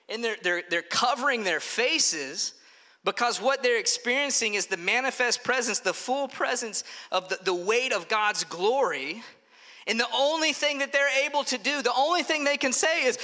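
Man preaching, conversational and animated, very bright forceful voice, long hall reverb. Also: high-pitched, normal speed. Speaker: pastor. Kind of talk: sermon.

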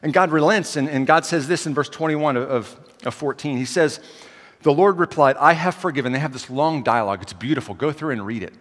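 Pastor, male, mid pitch, dynamic sermon delivery, hall echo. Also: brisk, few pauses. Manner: dynamic, swings from loud to quiet.

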